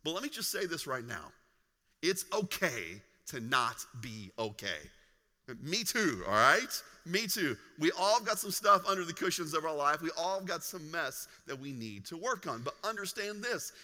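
Pastor, male, preaching with lively humor, slightly high voice, long church reverb. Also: moderate pace. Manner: animated storytelling with humor. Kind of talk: sermon. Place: large church hall.

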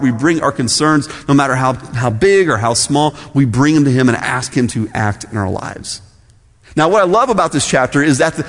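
A middle-aged man preaching a sermon as pastor, conversational and storytelling. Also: a little high. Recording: long hall reverb.

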